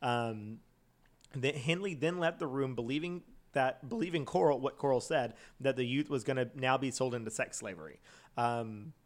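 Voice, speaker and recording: A man co-hosting a comedy podcast, narrating a true crime case in a loose, rambling way. His voice sits at an everyday middle pitch. He fills gaps with "like" and "um" and laughs easily along the way. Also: normal speed. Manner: rambling, many fillers, laughs often. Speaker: podcast co-host telling a true crime story. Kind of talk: casual storytelling chat.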